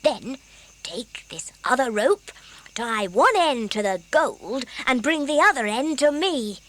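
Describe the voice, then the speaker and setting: A woman voicing a brave, cheerful male gnome who is often hushed and eager. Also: high voice, expressive, takes it slowly, a little hiss or hum, full character voice.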